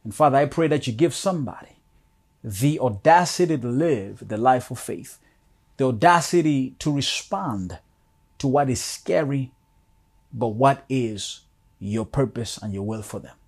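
A pastor preaching a sermon, reading scripture aloud with rising emphasis and calling out to the congregation. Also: male voice, medium pitch, lively intonation, darkish tone, husky. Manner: slow, deliberate preaching with dramatic swells.

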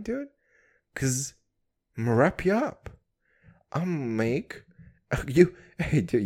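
A young man from Kazakhstan, telling a heated story in a casual rant, swearing constantly and calling everyone dude. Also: mid-range voice. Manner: heated, animated, laughs at his own story.

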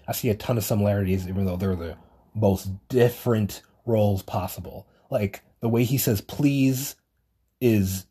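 Husky, dark and fairly low, this man's voice carries his solo podcast. He chats loosely, dropping swear words and revising himself again and again.

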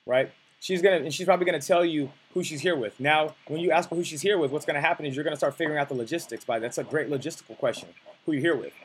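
A man's voice: on the high side, very fast, hardly any pauses. A young man coaching on dating, talking bluntly and casually, with profanity and many restarts.

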